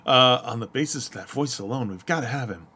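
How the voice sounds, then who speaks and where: A man's voice: mid-range voice, a little fast, bright, forceful tone, husky. A man co-hosting a podcast, chatting casually in a hesitant, self-deprecating way with many fillers. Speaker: podcast co-host. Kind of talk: casual chat.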